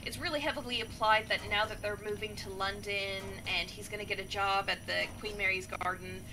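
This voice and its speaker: A woman gaming streamer retelling a story in a chatty, animated way, with many fillers. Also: mid-range voice, brisk. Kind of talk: casual storytelling while playing a game.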